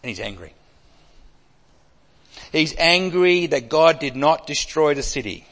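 A man preaching an expository sermon, emphatic, with wide swings between loud and soft. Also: a little high, very animated, a little slow, vocal fry. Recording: long hall reverb.

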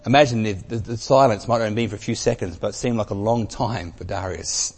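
A man preaching a sermon, telling a story with emphasis and dropping from loud to very soft. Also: on the low side, fairly quick, slightly rough. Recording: long reverb of a large hall.

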